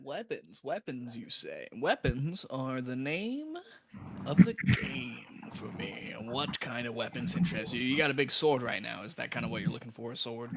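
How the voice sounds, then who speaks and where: A man's voice: medium pitch, big pitch swings, moderate pace, creaky, a bit bright. A man voicing a chatty male weapons shopkeeper in a tabletop game, bargaining and bantering with customers. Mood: salesy.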